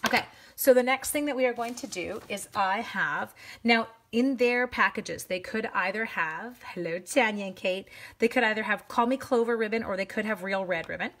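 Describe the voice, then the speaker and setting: A woman with a medium-pitched voice, speaking at a moderate pace, hosts a live-streamed stamping craft demo recorded on a phone. As she works, she chats with viewers, greets them by name and lets out animated exclamations.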